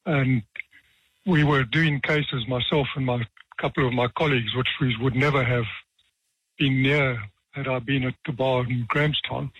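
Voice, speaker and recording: Husky older man telling dry-witted anecdotes. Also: medium pitch, fairly bright tone, dry recording. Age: 70s. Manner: dry, self-deprecating humor, measured pace with pauses. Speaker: retired judge, author guest. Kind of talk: relaxed anecdotal storytelling. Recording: dull, dry radio sound.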